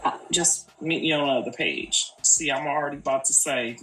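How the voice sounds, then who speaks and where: A woman's voice: low-pitched, normal speed, fairly bright tone. Older grandmother talking, distant and echoey. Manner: earnest, repetitive, colloquial. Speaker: grandmother speaking on a live video. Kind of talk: casual live-stream talk.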